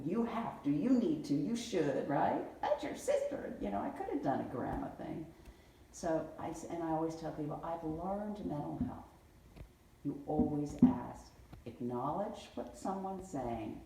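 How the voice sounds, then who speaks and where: Animated middle-aged woman in an echoey room. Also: sits low, gravelly, slight background noise. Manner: animated storyteller who acts out family quotes. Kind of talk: casual family conversation. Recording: echoey room, mic far off.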